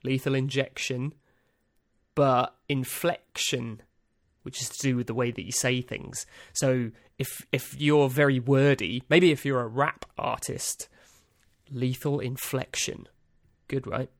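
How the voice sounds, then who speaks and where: Slow, rambling man, dry studio sound. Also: medium pitch, steady tone, dry recording. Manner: rambling, dry, self-amused, lots of ums and uhs. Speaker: podcast host. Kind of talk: casual solo podcast monologue.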